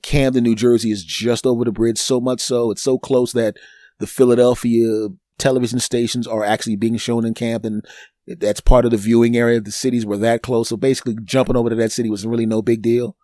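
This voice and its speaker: A man's voice: a little high, no room sound, studio quality. A man hosting his own podcast, telling a funny personal story and acting out the other people in it. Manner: animated, acts out other people's voices in the story. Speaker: comedian and podcast host. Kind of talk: storytelling comedy monologue.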